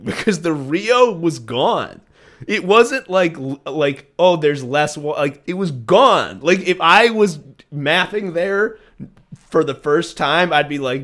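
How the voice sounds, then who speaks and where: A man's voice: a little high, very animated, takes it slowly, fairly bright tone. Male podcast co-host, casual, rambling, profane, joking storyteller. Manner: rambling, profane, jokey storytelling with many fillers. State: recovering from a virus. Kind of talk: casual chat.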